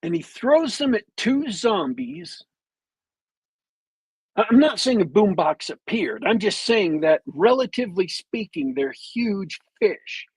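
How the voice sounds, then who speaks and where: A man on a podcast with a bad cold, retelling a movie plot as a meandering, detailed storyteller with long pauses. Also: high-pitched, big pitch swings, a little mellow, husky, no echo, rough recording. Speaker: podcast co-host.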